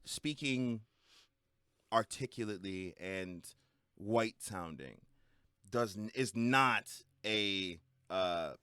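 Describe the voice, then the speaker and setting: A man co-hosting a casual podcast chat, animated and swearing, shifting his way of speaking when he gets worked up. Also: fairly low pitch, takes it slowly, smooth, dry recording, studio quality. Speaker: podcast co-host.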